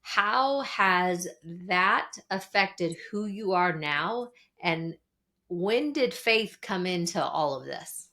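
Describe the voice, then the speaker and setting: A woman's voice: lowish voice, animated, slow pace, pushed and bright. A woman hosting a podcast, asking encouraging questions and restarting her phrasing as she goes. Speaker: podcast host. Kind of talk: interview questions.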